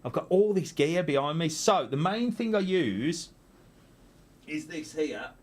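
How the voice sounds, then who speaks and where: Chatty man live-streaming from home. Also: a little slow. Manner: chatty, self-mocking, lively pitch swings. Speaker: YouTube channel host. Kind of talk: casual live-stream chat. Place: home room full of camera gear.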